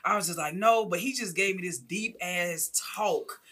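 A woman's voice: lowish voice, moderate pace. A woman comedian from Mississippi, telling stories in a casual podcast chat and acting out what people said. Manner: animated storytelling, acts out quotes.

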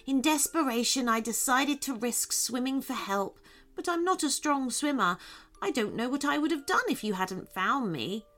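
A woman voicing a gentle, earnest little male lizard in a children's storybook reading, speaking softly. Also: sits high, lively intonation, normal speed, faint music behind.

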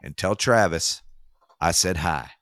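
A man hosting a podcast, reading sponsor plugs in a hyped salesman pitch with big swoops up and down. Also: measured pace, a bit bright, no echo. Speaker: podcast host. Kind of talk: casual chat with read sponsor ads.

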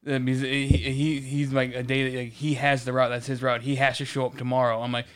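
Fast-talking profane podcast man. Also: medium pitch, clear, resonant tone. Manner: profane, animated storytelling. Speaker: podcast co-host. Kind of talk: casual podcast chat. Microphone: studio podcast mic.

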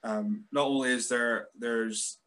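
A man's voice: mid-range voice, steady tone, slow, fairly bright tone. A man with a Scottish accent hosting a casual podcast interview, asking rambling questions. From Scotland. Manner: rambling, self-correcting questions. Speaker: podcast host.

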